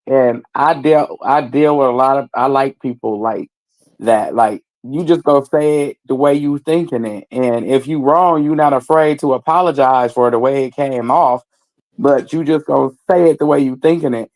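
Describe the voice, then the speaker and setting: A man's voice: mid-range voice, moderate pace, darkish tone, low-quality recording. A man in casual chat who often restarts his sentences and explains what he heard. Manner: stammering restarts, laughs along. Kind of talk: casual chat about online drama.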